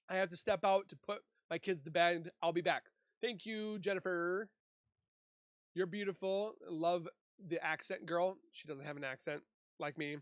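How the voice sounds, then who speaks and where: A man's voice: high-pitched, no room sound, studio quality. A man from Minnesota hosting a casual livestream, chatting and reading viewer comments aloud into a desk mic. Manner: chatty, reads and answers chat aloud. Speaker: livestream host.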